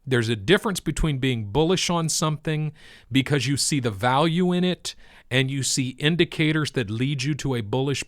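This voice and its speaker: A man talks through the crypto market in a relaxed, conversational way, circling back to stress his points like a preacher. His voice sits at an everyday middle pitch. The sound is close and dry, with no room around it. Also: no room sound. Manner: conversational, emphatic, preacher-like repetition. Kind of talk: casual market commentary.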